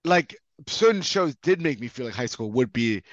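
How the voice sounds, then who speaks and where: A man's voice: medium pitch, big pitch swings, moderate pace, dry recording, dull audio. A young man interviewing a friend in a casual, chatty way, often checking in with the listener. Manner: chatty, often checks in with "you know what I mean".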